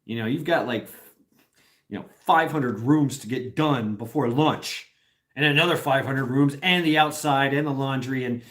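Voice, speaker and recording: A man's voice: medium pitch, moderate pace, fairly bright tone. A middle-aged man from Tennessee hosting a casual live stream, rambling, swearing and laughing often as he reads comments.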